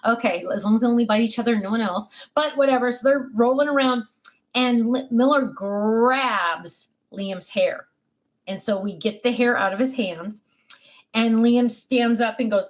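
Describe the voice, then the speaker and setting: A woman's voice: a little high, moderate pace. An older woman, a grandmother, chatting casually and telling family stories with many fillers and restarts. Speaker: craft vlogger. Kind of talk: casual chat.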